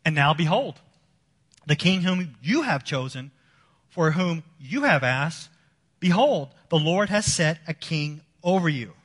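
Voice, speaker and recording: A male pastor preaching a sermon, swinging between loud emphasis and hushed low passages. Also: expressive, a little slow, husky, big-room sound.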